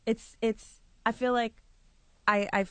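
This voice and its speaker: A woman's voice: on the high side, level tone, takes it slowly, fairly bright tone, clear, resonant tone, no room sound. A woman guest in a casual studio interview, candid and reflective, who laughs easily. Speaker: guest, singer and actress.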